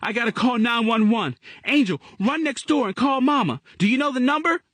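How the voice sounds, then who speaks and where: Guy putting on a scared little boy voice, high and frantic, flat dry sound. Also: a little fast, no echo, full character voice. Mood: panicked. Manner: high, urgent shouting. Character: frightened young boy, frantic and tearful.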